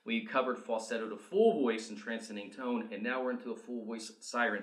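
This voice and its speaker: Male vocal coach, mid-pitched, upbeat instructor, echoey room. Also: brisk. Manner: energetic, coaching. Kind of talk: instructional video demonstration. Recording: roomy echo.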